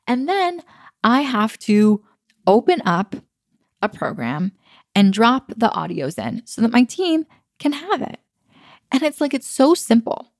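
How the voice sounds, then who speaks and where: A woman's voice: fairly high pitch, very animated, a little slow, long pauses, a little mellow, dry recording, clean studio sound. A woman in her thirties hosting her own podcast, talking casually and upbeat, laughing easily. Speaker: podcast host. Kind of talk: casual solo podcast talk. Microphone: computer recording.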